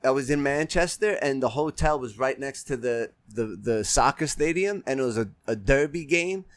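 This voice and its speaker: A man, an actor and filmmaker, talking as a guest in a relaxed, rambling way. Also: medium pitch, moderate pace. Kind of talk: casual interview.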